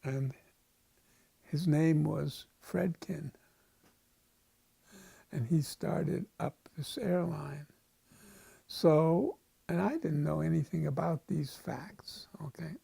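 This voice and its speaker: A man's voice: fairly high pitch, slow, gravelly, pauses often, mellow, slightly rough, no echo. A man in his eighties from the United States, telling wry, wandering stories in a casual interview. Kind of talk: casual storytelling.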